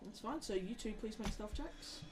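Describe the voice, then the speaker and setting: A woman runs a tabletop game, talking through the scene in a relaxed, descriptive way. Her voice sits at an ordinary middle pitch, and she pads her storytelling with casual fillers. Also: moderate pace, noisy background. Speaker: game master.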